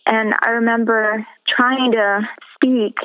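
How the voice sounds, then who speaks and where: A woman from the Caribbean, a guest on a radio interview, telling her personal testimony in an earnest, measured way over a phone line. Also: fairly high pitch, level tone. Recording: tinny phone-line audio.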